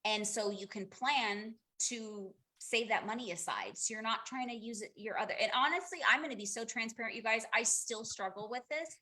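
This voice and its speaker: Bright-voiced chatty woman coaching her team. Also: on the high side, moderate pace, few pauses. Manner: chatty, candid, many fillers and restarts. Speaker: direct sales team leader. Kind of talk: casual group coaching call.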